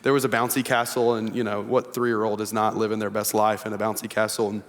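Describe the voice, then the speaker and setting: A young man preaching a sermon as pastor. He moves between slow, hushed scripture reading and lively, animated storytelling. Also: on the low side. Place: church sanctuary. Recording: long reverb of a church sanctuary.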